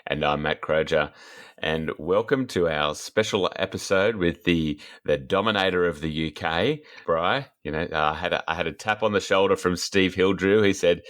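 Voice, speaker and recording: A man's voice: low voice, normal speed, a bit bright. A man hosting a podcast interview, rambling and jokey. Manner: rambling, jokey, many fillers. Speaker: podcast host. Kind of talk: casual interview chat.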